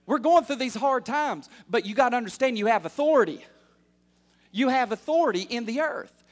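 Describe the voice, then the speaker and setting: A man in his thirties preaching a sermon as pastor, calling out for amens and building from quiet asides to fervent shouts. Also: extremely high pitch, animated, moderate pace. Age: 30s. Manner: call-and-response preaching, building to loud fervor.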